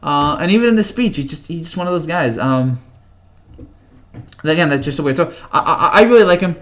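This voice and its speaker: His voice is a little high, animated, a bit fast, and fairly bright. The twenty-something livestream host chats casually with viewers, reading their comments in a rambling style filled with fillers and stammered restarts.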